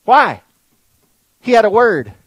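Man, preacher, sermon in church, high voice, dry close sound, folksy, swings from near-shouts to soft asides. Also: slow, husky, no room sound, poor audio. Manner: animated, rising to near-shouts, then dropping low and soft; folksy, addresses the congregation directly. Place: church in front of a congregation.

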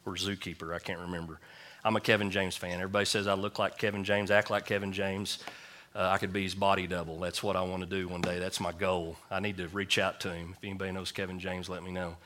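A middle-aged man, a pastor, preaching a sermon at a church service and telling stories with lively acted-out quotes. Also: sits low, fast. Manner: animated storytelling with acted quotes.

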